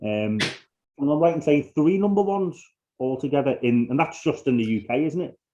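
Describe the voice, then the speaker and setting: A man's voice: fairly high pitch, lively intonation, normal speed, warm tone. A man hosting a podcast interview, talking casually and often stumbling over repeated words. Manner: hesitant, repeats words, friendly filler. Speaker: podcast host. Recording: dull lo-fi sound.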